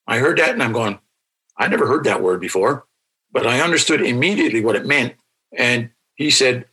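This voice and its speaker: A man answers interview questions as a language teacher, walking through his points patiently and repeating example words. His voice is bright and forward, with a slightly husky edge. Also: medium pitch, animated, a little fast, rough recording.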